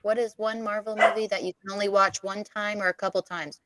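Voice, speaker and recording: A woman co-hosting a live podcast, chatting casually with quick laughs and self-deprecating asides. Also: medium pitch, flat delivery, heavy background noise. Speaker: podcast co-host.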